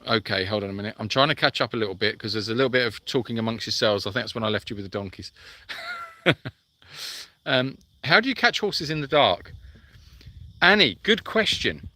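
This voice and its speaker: A chatty man with a bright, forceful edge to his voice hosts a casual live chat from an animal sanctuary. He rambles warmly through viewer questions, breaking off with fillers and little restarts as he answers. His pitch sits in the middle range for a man. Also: lively intonation, quick pace.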